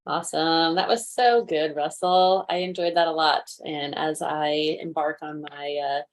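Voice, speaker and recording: A woman's voice: sits low, fairly even intonation, measured pace. An upbeat woman presenting in a casual webinar over a video call, with frequent fillers.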